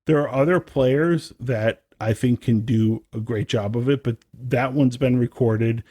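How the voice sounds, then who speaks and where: A man's voice: medium pitch, measured pace, dark tone, slightly rough, no room sound, studio quality. A man co-hosting a podcast in casual chat, rambling and enthusiastic, with lots of fillers. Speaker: podcast co-host.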